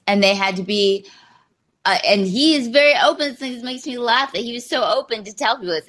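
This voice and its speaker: A woman author speaking as a podcast guest, telling a story in a lively, amused way in casual conversation. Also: medium pitch. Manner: animated storytelling, amused by the anecdote. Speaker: novelist guest. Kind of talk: casual podcast interview chat.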